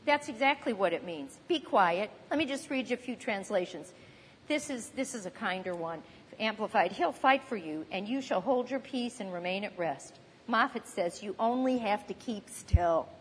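A woman's voice: mid-range voice, expressive, normal speed, slight background noise. A woman preaching a sermon in a conversational teaching manner, now and then acting out panicked voices. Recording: long hall reverb.

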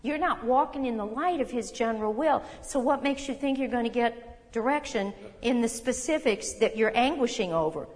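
A woman's voice: a little high, animated. Conversational woman preaching in a reverberant hall. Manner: conversational, emphatic, with quick asides and self-corrections. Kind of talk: sermon. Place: church hall.

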